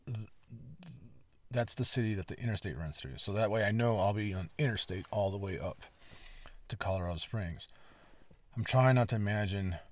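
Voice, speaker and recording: A man hosting a podcast, telling a long story in a casual, rambling way, with a lot of swearing and emphatic asides. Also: fairly low pitch. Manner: lively, emphatic retelling. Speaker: podcast host.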